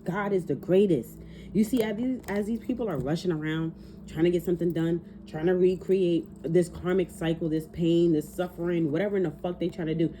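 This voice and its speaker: Tarot reader, woman, low mellow voice, casual and fiery, curses a lot. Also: fairly quick, a little hiss or hum. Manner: animated, swears freely, talks to spirit aloud. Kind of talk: casual spoken tarot reading.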